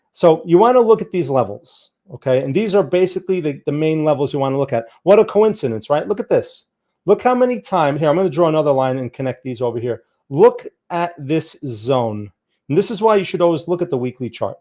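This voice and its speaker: Higher-voiced man talking through charts. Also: dark tone. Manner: conversational, keeps checking in with "right?"; emphatic, urging viewers to look at charts. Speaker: market trader and streamer. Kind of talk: live-stream chart analysis.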